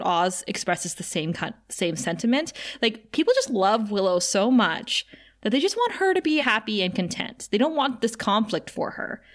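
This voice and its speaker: Laughing, animated woman recapping a show. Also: mid-range voice. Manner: animated retelling with quick quoted dialogue and frequent laughs. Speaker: podcast co-host. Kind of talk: casual episode recap chat.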